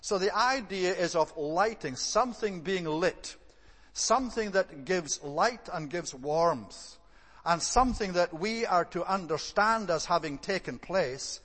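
A man giving an evening sermon. He speaks in a measured, thoughtful way, often pausing on "eh" and "uh.". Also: high voice, fairly bright tone, in a large hall. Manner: measured, thoughtful delivery with frequent "eh" and "uh" restarts. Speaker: preacher.

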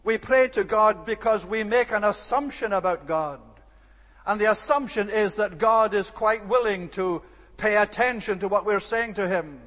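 A man preaching an expository sermon, earnest and measured, slowing down to stress key words. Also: high voice, fairly bright tone. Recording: long reverb of a large hall.

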